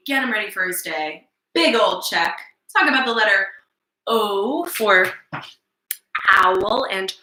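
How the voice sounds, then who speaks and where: Bright, high-voiced woman teaching small children. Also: reverberant, rough recording. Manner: soft, encouraging and playful, with slow spoken affirmations. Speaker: children's circle time teacher. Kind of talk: gentle lesson for young children.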